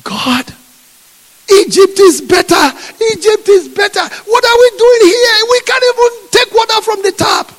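Brief: a preacher acting out complaining Israelites, high, shouting and whining, echo of a big hall. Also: male voice, wildly swooping pitch, normal speed, few pauses, heavily acted. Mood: shouting angrily. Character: crowd of complaining wandering Israelites, whiny. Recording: echoey hall.

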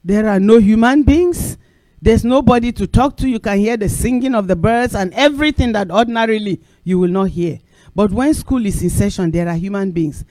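A man's voice: sits high, normal speed, dry recording. A man preaching a sermon, telling stories and repeating phrases for emphasis. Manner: animated storytelling with acted quotes.

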